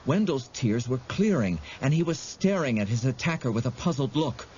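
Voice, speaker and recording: A man narrating an audiobook in a dramatic, expressive storytelling manner. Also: medium pitch, normal speed, muffled recording, a little hiss or hum.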